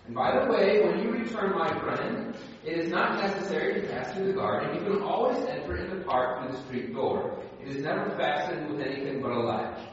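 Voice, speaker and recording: A man voicing a kindly elderly bishop, gentle and solemn, in a raised, earnest reading voice. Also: fairly high pitch, a little fast, a little hiss or hum, pitched above the performer's own voice, natural voice. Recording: echoey hall, distant, dull sound.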